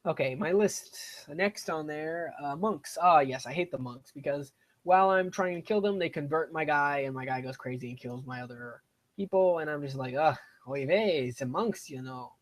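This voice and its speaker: Here a young gaming streamer with a voice on the high side talks at normal speed. He rambles casually and self-deprecatingly during his live game stream, commenting as he plays.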